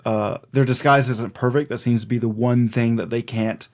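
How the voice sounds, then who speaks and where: A man's voice: mid-range voice, steady tone, normal speed. A man co-hosting a folklore podcast in casual chat, rambling with many fillers and easy laughs. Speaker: podcast co-host.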